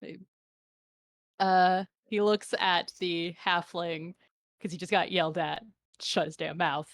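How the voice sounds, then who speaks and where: A woman running a tabletop game, narrating in a relaxed, joking way with plenty of fillers. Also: fairly low pitch, slow, no echo. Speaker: game master.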